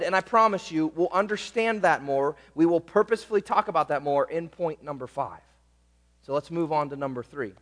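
Man, pastor, sermon, high voice, slow deliberate delivery, emphatic, long hall echo. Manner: emphatic, stretches key words, asks the congregation "right?".

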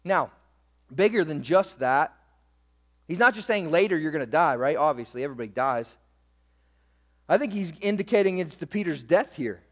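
A man preaching a sermon as pastor, swinging between loud emphasis and quiet, low asides. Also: animated, moderate pace, long pauses, in a large hall.

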